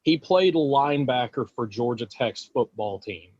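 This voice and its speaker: A man in casual podcast chat, telling an anecdote in an animated way. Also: medium pitch, measured pace, breathy edge, muffled recording.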